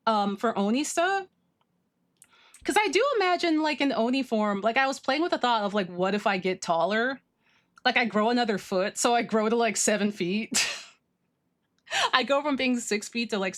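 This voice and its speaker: A woman livestreaming, chatting casually with her viewers, gushing and excitable as she reads chat. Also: sits high. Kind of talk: casual stream chat, reading chat.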